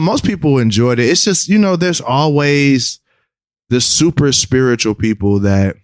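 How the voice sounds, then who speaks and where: A man's voice: medium pitch, measured pace, dry recording, clean studio sound. Laid-back, slangy male rapper guest. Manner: laid-back, slangy, animated when quoting others. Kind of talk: casual chat.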